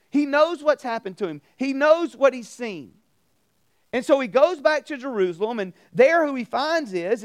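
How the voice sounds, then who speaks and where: A man preaching at a campus ministry, telling a story with animated acted-out voices and questions to his listeners. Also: very high-pitched. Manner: animated, acts out voices in anecdotes, asks the crowd questions. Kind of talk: storytelling sermon. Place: campus ministry meeting room.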